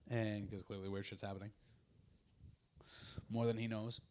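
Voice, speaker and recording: A man with a somewhat low voice carries a casual podcast conversation. He recaps a film in a loose, rambling way, dropping into the characters' lines and swearing without a second thought. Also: little pitch movement, normal speed, darkish tone, a little hiss or hum. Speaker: podcast host. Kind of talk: casual chat, retelling a movie plot.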